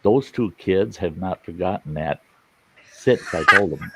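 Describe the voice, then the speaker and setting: A man's voice: deep voice, expressive, a little slow, bright, forceful tone, a little hiss or hum. A man hosting a live stream, telling bawdy jokes and chatting casually, laughing at his own lines. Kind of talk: casual joking chat. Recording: dry, dull lo-fi stream audio.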